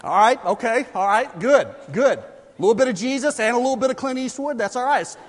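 High-voiced preacher in a reverberant hall. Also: male voice, moderate pace. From South Carolina, US. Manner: animated, rising to loud emphatic bursts. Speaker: pastor. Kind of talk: sermon.

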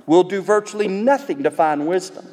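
A man's voice: high-pitched, normal speed, a little mellow. Preacher man in a reverberant hall. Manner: conversational, digressive, with asides to the audience. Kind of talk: expository sermon. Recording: long reverb in a large hall.

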